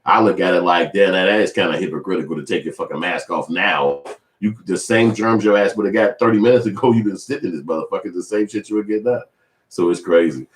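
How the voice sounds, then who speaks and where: Low-voiced and quick, this man rambles profanely in casual commentary about a celebrity feud, putting on other people's voices as he goes. He's a vlogger, recorded with a roomy echo.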